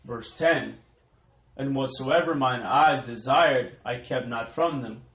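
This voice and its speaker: A man reading Bible verses aloud in a slow, measured way during a sermon. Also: medium pitch, a bit bright, reverberant, rough recording. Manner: slow, measured recitation of old-style verse. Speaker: scripture reader.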